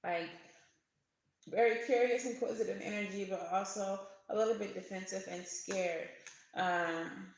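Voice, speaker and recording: Gravelly, chatty tarot reader in an echoey room. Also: medium pitch, fairly even intonation, unhurried. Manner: chatty, laughs often, swears casually. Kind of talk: casual tarot reading to camera.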